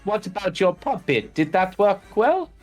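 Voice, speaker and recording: A man's voice: sits high, sing-song, normal speed, soft background music, pitched above the performer's own voice. A man voicing an eerie, cheerful male toymaker with sing-song salesman patter and broken phrasing.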